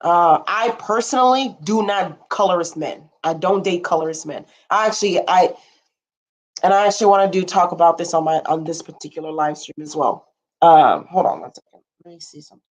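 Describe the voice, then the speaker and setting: A young woman hosts a casual livestream, rambling frankly, swearing casually, tossing in blunt asides, and answering viewer comments as she goes. Her voice sits on the low side, her pace is brisk, and the highs are cut off.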